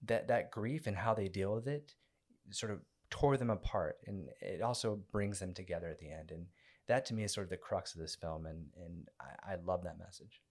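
A man talking through a film as co-host, easygoing and measured. His voice sits very low. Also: darkish tone. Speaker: podcast co-host reviewing a movie. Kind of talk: casual chat.

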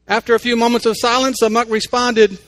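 A man, a radio host and life coach, giving a conversational, unhurried faith-based inspirational talk that moves from a story into reflection. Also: very high-pitched, level tone, a bit bright.

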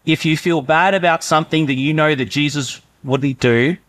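A man's voice: on the high side, normal speed, a bit bright. A man preaching a sermon in a conversational way, sometimes acting out inner voices. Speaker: pastor.

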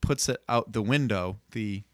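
A man co-hosting a casual podcast, easygoing and halting as he recaps a TV episode. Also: lowish voice, no echo, clean studio sound. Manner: easygoing, halting, many restarts and ums. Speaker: podcast co-host.

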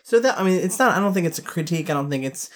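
A woman co-hosting a podcast in casual chat, animated and playful. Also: fairly low pitch, racing. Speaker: podcast co-host.

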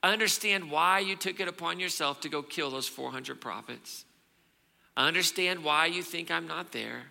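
A gentle, understanding God speaks with soft reassurance, voiced by a preacher. The voice is gravelly and bright. A long reverb hangs in the hall. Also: male voice, fairly high pitch, moderate pace, pitched above the performer's own voice, exaggerated voice. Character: gentle, understanding male divine voice.

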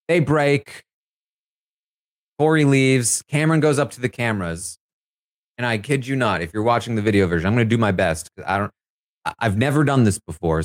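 Guy recapping reality tv on a podcast, super lively and sarcastic, dry close sound. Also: medium pitch, no echo. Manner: animated, sarcastic storytelling. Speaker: podcast correspondent. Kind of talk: casual reality-show recap.

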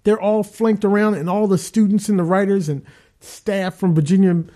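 A man, an actor being interviewed, who tells rambling, animated stories with lots of fillers. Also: high voice, normal speed. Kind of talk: casual storytelling.

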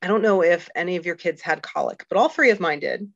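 A woman's voice: fairly low pitch, fast, gravelly, no room sound. A middle-aged woman, a guest on a faith podcast, talking candidly and earnestly with many fillers and restarts. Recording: dull lo-fi dry recording.

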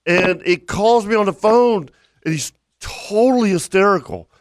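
A fairly high-voiced man hosting a casual fishing podcast, recorded close and dry. He rambles through stories, repeating words and laughing as he goes. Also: animated, a little slow, no echo. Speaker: podcast host. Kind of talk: casual storytelling chat.

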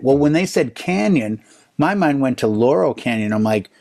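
Animated man telling stories in casual chat. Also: mid-range voice, normal speed, gravelly. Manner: animated storyteller, voices other people's lines in quotes. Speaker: DJ and podcast co-host.

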